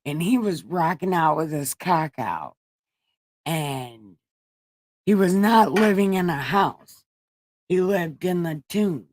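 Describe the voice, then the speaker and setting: A woman's voice: lowish voice, animated, takes it slowly, pauses often, a little mellow, no room sound. A woman reading scripture aloud with crude, joking asides, an irreverent comedic reading. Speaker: comedy Bible reader.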